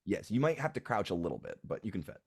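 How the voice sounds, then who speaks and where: Low, halting male game master narrating a scene. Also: huge pitch swings, creaky, a little mellow, slightly rough, no room sound, clean studio sound. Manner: halting, many fillers and restarts.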